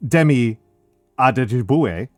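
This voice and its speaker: A man's voice: medium pitch, animated, slow pace, dry recording, clean studio sound, faint music behind. An American man on a voice call, rambling and swearing in casual chat, laughing often. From United States. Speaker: streamer.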